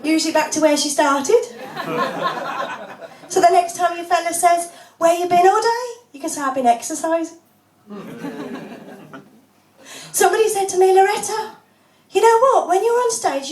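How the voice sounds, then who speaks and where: A woman doing a stand-up comedy set of deadpan one-liners, laughing often. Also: very high voice, unhurried, long pauses. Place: small pub comedy club, audience laughing. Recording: echoey room, voice from far off.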